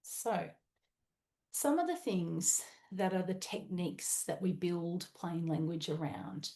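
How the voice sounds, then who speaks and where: A woman's voice: lowish voice, big pitch swings, slow, creaky, mellow. An Australian woman presenting a webinar talk in a chatty, conversational way with frequent "um"s.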